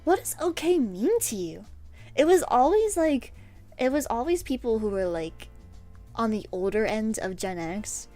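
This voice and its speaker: A young woman streaming while she draws, telling a story in an animated, rambling way, with lots of fillers and laughs. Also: a little high, a little slow. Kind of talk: casual storytelling chat while drawing. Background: faint background music.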